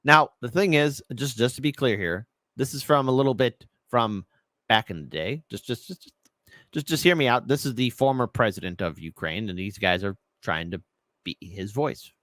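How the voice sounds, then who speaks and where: A man's voice: medium pitch, expressive, moderate pace, a bit bright, no room sound, studio quality. A man hosting a commentary show, talking in a jokey, rambling way with restarts. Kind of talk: casual commentary.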